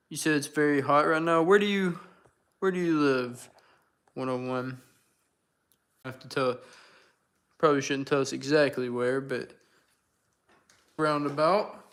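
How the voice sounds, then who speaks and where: A young male livestream host with a slightly high voice chats loosely with his viewers. He answers their comments as he goes, in a relaxed and talkative way. He speaks close to a desk microphone. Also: unhurried, long pauses. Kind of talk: casual livestream chat with viewers.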